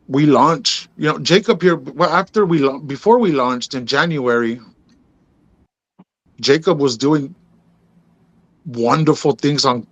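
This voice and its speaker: A podcast host appears as a guest on an interview show, telling his story in a laid-back way with a voice on the high side and a fairly bright tone. He calls people "bro" and "man" and acts out the dialogue he quotes. The recording is dry, with the highs cut off.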